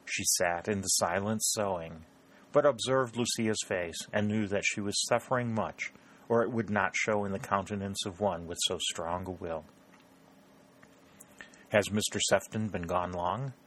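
A man narrating a novel as an audiobook in a measured storytelling delivery. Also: lowish voice, a bit bright.

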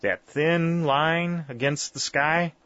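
A man's voice: on the high side, slow pace, fairly bright tone, dry recording, voice pushed up. A man reading voicing a hearty middle-aged backwoods mountain man who talks in a folksy, jovial drawl. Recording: dull, lo-fi dry recording.

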